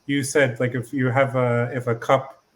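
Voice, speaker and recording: A man at an ordinary pitch who hosts a casual podcast. He asks eager, curious questions and often restarts his sentences while he works them out. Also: little pitch movement, normal speed. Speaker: podcast host and learner.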